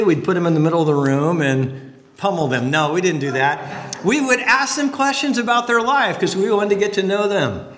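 Animated male preacher in an echoey hall. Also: high voice. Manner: animated storyteller, jokey asides. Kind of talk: sermon with storytelling.

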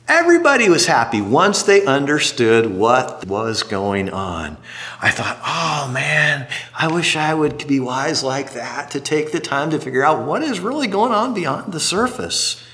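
A middle-aged man preaching a sermon, telling a story in an animated way and acting out what people said. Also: fairly high pitch. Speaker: pastor.

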